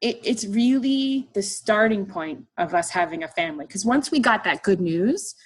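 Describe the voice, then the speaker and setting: A middle-aged woman artist speaks to a live audience. She tells a personal story with humor and self-deprecation. She keeps it lively, slipping into the voices of the people in it, with a voice in the middle of the usual range. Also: medium pitch, moderate pace, slightly rough. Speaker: artist giving a talk.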